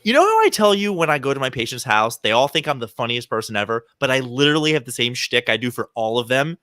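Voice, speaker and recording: Animated man telling stories, bright voice. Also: mid-range voice, fast, dry recording, clean studio sound. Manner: animated storyteller, acts out quoted people. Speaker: podcast co-host. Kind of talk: casual chat, storytelling.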